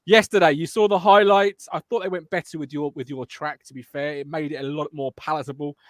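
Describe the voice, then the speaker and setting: Guy hosting a football podcast, high-ish voice, jokey and teasing, dry sound. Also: fairly even intonation, brisk, no room sound. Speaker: podcast host. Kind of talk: casual fan podcast chat.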